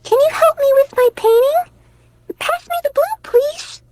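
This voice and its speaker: A woman's voice: very high voice, a little slow. A woman voicing a fussy young female unicorn who demands paint colors. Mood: demanding. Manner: demanding, suspicious, loud. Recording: loud background noise.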